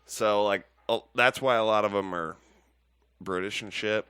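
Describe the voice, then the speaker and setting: Podcast co-host, rambling, joking man with a smooth, low voice, dry close mic. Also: steady tone, measured pace, fairly bright tone, no room sound. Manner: rambling, laughing, profane. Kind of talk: casual podcast chat.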